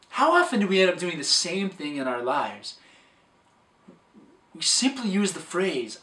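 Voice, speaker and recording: A man's voice: high-pitched, very animated, unhurried, pauses often, pushed and bright, distant mic. A man giving an upbeat, scripted talk as a dating coach, recorded in an echoey room a little way from the microphone.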